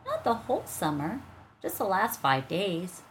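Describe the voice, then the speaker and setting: A woman reading aloud, voicing a young girl in a high voice. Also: wildly swooping pitch, unhurried, slight background noise. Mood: earnest. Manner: high, bright delivery. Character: girl, earnest and quick.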